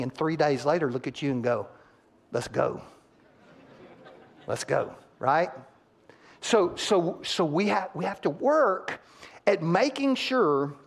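Animated pastor preaching to his congregation. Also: fairly high pitch. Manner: animated, acts out couples' quotes, rising loud on punchlines. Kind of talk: sermon. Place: church sanctuary.

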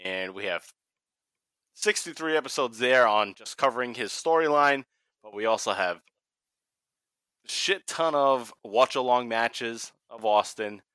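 A man's voice: mid-range voice, unhurried, sharp tone, clean tone, no room sound. A man from Massachusetts with a Boston accent, hosting a casual wrestling podcast, swearing freely and laughing often. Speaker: podcast host.

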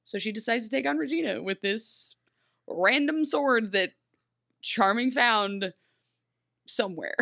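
A woman co-hosting a casual recap chat, animated and laughing as she acts out characters' lines. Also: fairly high pitch, a little slow, gravelly, long pauses, no room sound, clean studio sound. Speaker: podcast co-host.

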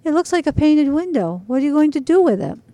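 A woman's voice: high-pitched, quick pace, no room sound, voice pushed up. A woman voicing a small, eager boy who loves cats, in a storybook reading. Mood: curious. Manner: excited and polite.

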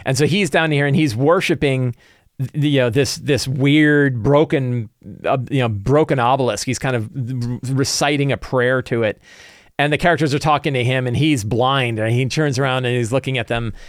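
A man recapping his tabletop game session as game master, animated and quick to act out his players' lines. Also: medium pitch, no room sound, studio quality. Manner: animated, acts out player and NPC quotes, frequent restarts.

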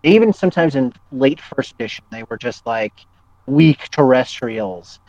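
A man's voice: mid-range voice, expressive, normal speed, darkish tone, no room sound. A man, a podcast guest, chatting enthusiastically about games, with many ums and restarts. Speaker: podcast guest, game writer. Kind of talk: casual chat about tabletop games. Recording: dry, dull lo-fi mic.

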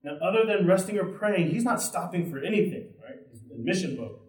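A man's voice: high-pitched, very animated, brisk. A man preaching a sermon as pastor, earnest and direct, often checking in with his listeners by asking "right?". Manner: earnest and direct, with frequent tag questions. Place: church sanctuary. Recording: roomy sound from a distant mic.

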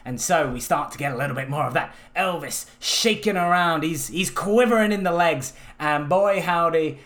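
High-pitched guy recapping a movie scene by scene, animated, laughs a lot. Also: normal speed. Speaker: podcast co-host. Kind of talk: casual film review chat.

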